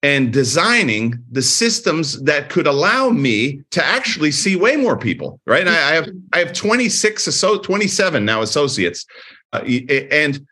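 A man's voice: on the high side, moderate pace. A middle-aged man, a chiropractor with many clinics, speaking casually as an interview guest and acting out quoted dialogue as he tells his stories. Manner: energetic storyteller, acts out quoted dialogue.

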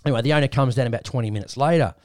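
Fast-talking Australian man telling a story. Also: medium pitch, dry recording, clean studio sound. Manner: rambling, animated retelling with quoted voices. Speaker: podcast host. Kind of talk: casual chat, storytelling.

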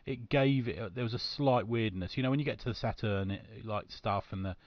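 A man in casual chat, blunt and quick, swearing freely. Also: lowish voice, dry recording. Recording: dull lo-fi audio.

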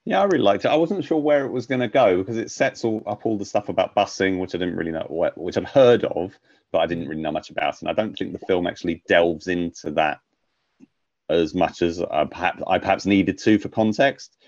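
A man's voice: sits low, brisk, no room sound, lo-fi sound. A British man co-hosting a podcast, chatting casually about films in a rambling way, with lots of fillers and restarts. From United Kingdom. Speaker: podcast co-host. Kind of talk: casual film review chat.

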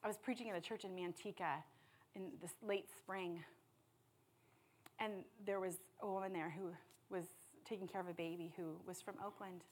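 A woman preaching a sermon with passion, dropping to hushed tones and then rising to loud appeals. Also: lowish voice, steady tone, moderate pace, a little hiss or hum. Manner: impassioned, swings from hushed to loud.

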